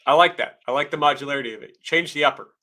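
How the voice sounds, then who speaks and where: Man, bright forceful voice, casual opinionated co-host chat. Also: a little high, racing. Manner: brief reactions, opinionated gear talk.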